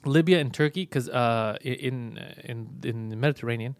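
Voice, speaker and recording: A man's voice: medium pitch, a little fast, smooth, dry recording. A man hosting a comedy podcast, teasing and swearing his way through casual chat on a studio mic. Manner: crude, teasing, heavy swearing. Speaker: podcast host.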